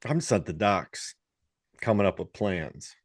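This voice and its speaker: A man's voice: low voice, expressive, unhurried, dry recording, clean studio sound. A man guesting on a podcast in a casual chat, joking around and trying out silly phrases. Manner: playful, jokey, tries out silly phrases.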